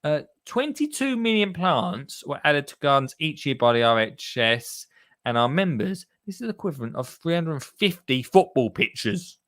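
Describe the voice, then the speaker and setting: A man's voice: on the high side, sing-song, moderate pace, a bit bright, dry recording, clean studio sound. A man hosting a gardening podcast in a chatty, jokey way, rambling with lots of fillers. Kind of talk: casual chat.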